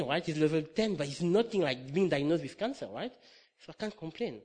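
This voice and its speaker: A middle-aged man preaching a sermon, telling a personal story with lively acted-out dialogue and frequent laughter. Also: a little high, brisk. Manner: animated storytelling, acts out dialogue, laughs often.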